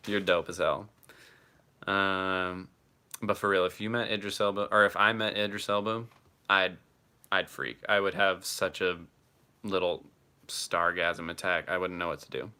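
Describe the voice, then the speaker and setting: Man, deep voice, bright forceful edge, chatty streamer, laughs a lot, swears freely. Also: fairly even intonation, measured pace, smooth. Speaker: streamer answering chat. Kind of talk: casual live-stream chat.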